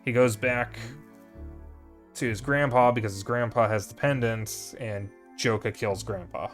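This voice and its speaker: A man's voice: medium pitch, measured pace, faint music behind. A young man streaming a video game, chatting candidly with viewers, swearing freely and rambling with fillers. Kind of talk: casual gameplay commentary.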